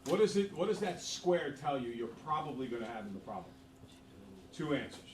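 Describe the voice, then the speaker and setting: A middle-aged man teaching a math class, a joking and animated storyteller, recorded in a classroom from a camera at a distance. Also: fairly high pitch, fairly quick. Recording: echoey room from far off, background noise.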